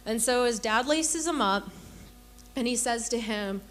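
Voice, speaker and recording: A woman's voice: fairly high pitch, measured pace, a bit bright, a little hiss or hum. A young adult woman giving an earnest personal testimony to a women's church gathering, telling stories and acting out the voices in them. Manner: earnest storytelling, acts out quoted voices.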